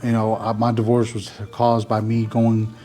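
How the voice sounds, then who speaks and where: A man's voice: fairly low pitch, moderate pace, faint music behind. A man, telling a rambling story to his vlog audience in a casual way, full of "like" and "you know". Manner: rambling, filler-heavy, animated when retelling. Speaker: vlogger.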